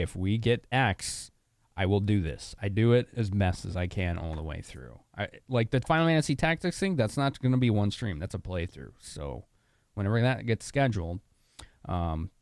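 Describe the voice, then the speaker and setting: A man's voice: low voice, a little mellow, no room sound, clean studio sound. A young man from Chicago streaming a game, chatting casually with viewers and laughing often. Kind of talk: casual live-stream commentary.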